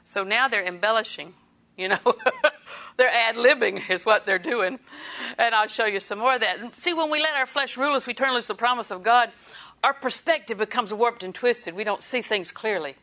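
Woman preacher, bright clear tone, chatty sermon delivery with little chuckles and voiced asides. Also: on the high side, normal speed.

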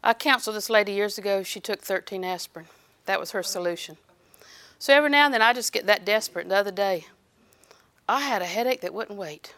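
A middle-aged woman preaching a sermon in an animated way, acting out little scenes and laughing. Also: mid-range voice, fast talker.

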